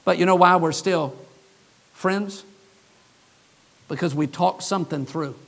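A male pastor preaching, telling a story and acting out the dialogue in lively, shifting voices. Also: high voice, measured pace, creaky. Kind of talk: sermon storytelling. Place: church.

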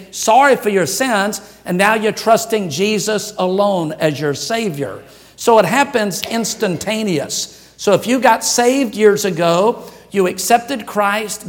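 A male pastor preaching a sermon to his congregation, conversational and jokey, chuckling at his own asides. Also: high voice. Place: church sanctuary.

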